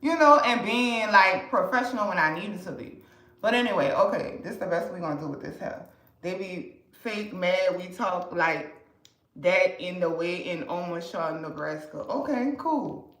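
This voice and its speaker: A woman's voice: lowish voice, lively intonation, normal speed, fairly bright tone, echoey room, rough recording. A woman from New Orleans with a New Orleans accent, chatting bluntly and with lots of swearing on a livestream. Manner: blunt, profane, talkative. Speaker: live streamer selling to customers. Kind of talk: casual livestream chat.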